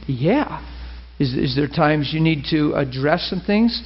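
A man's voice: fairly high pitch, expressive, slow, slightly rough, dull audio. A male preacher giving an emphatic, story-driven sermon. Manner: emphatic, storytelling, laughs often.

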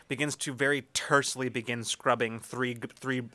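A man's voice: mid-range voice, fairly even intonation, moderate pace, bright, forceful tone. A man narrating a tabletop game as game master, meandering through his descriptions. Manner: meandering, many fillers and restarts.

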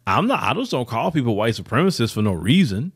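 A man's voice: medium pitch, very animated, quick pace, husky. A middle-aged man giving preachy, emphatic opinion commentary, often stumbling into repeated words and restarts.

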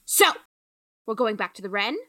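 A woman voicing a furious female ship captain who delivers slow, clipped threats in a tabletop game. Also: mid-range voice, lively intonation, fairly bright tone, no echo, natural voice.

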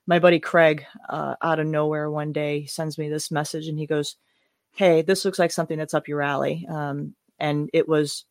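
A woman in her forties, a podcast guest telling stories in an animated, casual way and laughing often. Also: sits low, dry recording, studio quality. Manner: animated storytelling, frequent laughs. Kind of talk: casual conversation.

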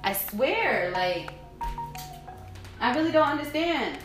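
High-voiced woman ranting on a podcast. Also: very animated, takes it slowly. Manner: swears constantly, repeats herself, angry ranting. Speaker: podcast host. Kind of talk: solo podcast venting. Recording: echoey room with faint music.

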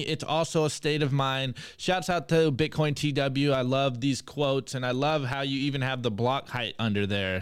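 A male podcast host reading and reacting to memes in an energetic, hype way. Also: mid-range voice, smooth, no echo, clean studio sound. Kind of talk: meme review segment on a podcast.

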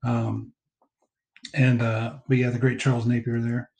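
A man hosting a casual movie commentary chat, rambling through scene recaps with fillers and quick laughs. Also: mid-range voice, level tone, vocal fry, darkish tone, reverberant, rough recording. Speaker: podcast co-host.

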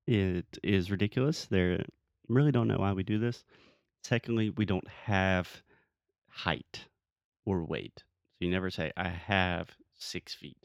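A man's voice: deep voice, unhurried, vocal fry, clear, resonant tone, no room sound, lo-fi sound. A man from the United States hosting a casual show, correcting his guest's English with patient explanations and joking asides. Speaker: English teacher and podcast host. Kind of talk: casual teaching chat.

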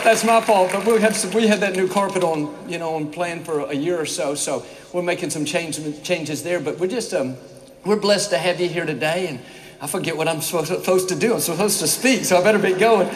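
A man's voice: sits high, a bit bright, slight background noise. A man preaching a sermon to a large congregation, folksy and upbeat, rambling a little before he gets going. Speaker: pastor. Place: church in a former basketball arena. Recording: echoey arena reverb.

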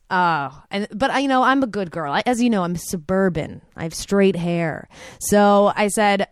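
A woman's voice: fairly low pitch, moderate pace, dry recording, studio quality. A woman telling a personal anecdote in a chatty way, full of "like" and quoted asides. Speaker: storyteller.

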